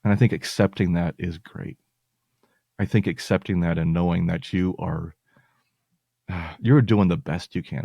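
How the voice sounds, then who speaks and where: A man's voice: sits low, gravelly, dark tone, no room sound. A male podcast host talking earnestly and reassuringly to his listeners, at times getting emotional. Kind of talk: heartfelt personal talk to listeners.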